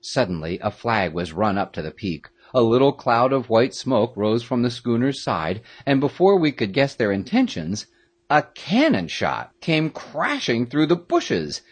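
Male audiobook narrator, first-person adventure tale, husky, lively pitch, dramatic reading.

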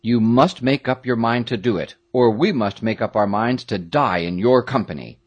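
Calm grave young leader read by a man, storybook, measured, slightly husky. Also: medium pitch.

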